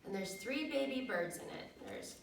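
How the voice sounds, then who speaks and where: A woman's voice: mid-range voice, lively intonation, moderate pace, creaky, recorded from a distance, noisy background. A woman casually retelling a children's picture book in a loose, chatty way. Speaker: storyteller. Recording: echoey room, voice from off-mic.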